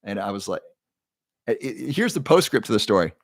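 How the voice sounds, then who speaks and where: A man's voice: lowish voice, big pitch swings, brisk, no room sound, clean studio sound. A man hosting a casual livestream, telling a story in a chatty way and repeating key phrases. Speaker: livestream host.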